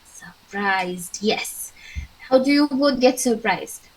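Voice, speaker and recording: In a poorly recorded online class, a young woman with an Indian English accent teaches English at a slow, clear pace, using encouraging, acted-out examples. Her voice is a little high and animated.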